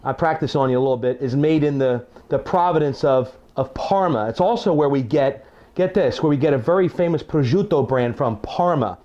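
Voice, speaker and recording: The audio is dull as a middle-aged man cooks in his home kitchen, hosting a relaxed demonstration like a cooking show chef. He speaks at a moderate pace in a mellow mid-range voice, folksy and talkative, often teaching on the side and restarting what he says.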